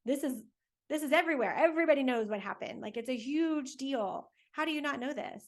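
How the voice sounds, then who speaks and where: A woman's voice: high voice, expressive, fast talker, pitched above the performer's own voice. A woman voicing two upset male disciples who can't believe a stranger hasn't heard the news, asking exasperated questions in a slightly raised storytelling voice. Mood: incredulous.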